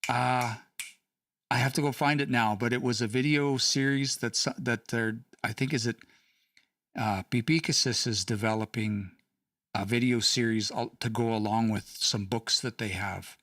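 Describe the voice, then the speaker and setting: A man's voice: medium pitch, fairly even intonation, unhurried, a bit bright, no room sound, studio quality, distant mic. A man teaching language casually on a livestream, chatty, laughing and reading out chat comments.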